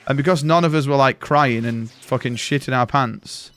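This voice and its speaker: A man's voice: medium pitch, moderate pace, fairly bright tone. Man telling rambling stories. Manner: rambling storyteller, swears freely. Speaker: game streamer. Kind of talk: casual chat while gaming.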